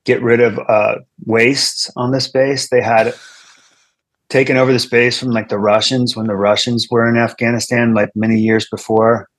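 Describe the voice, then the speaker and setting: A man's voice: mid-range voice, little pitch movement, moderate pace. A man, a comedian guest, telling a long story in casual chat, rambling with restarts and asides.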